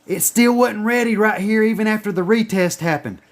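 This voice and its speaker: Brief: a high-pitched man explaining chart patterns, swearing freely and repeating himself for emphasis. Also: normal speed. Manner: profane, emphatic, repetitive. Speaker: trading educator. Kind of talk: casual screen-share lesson.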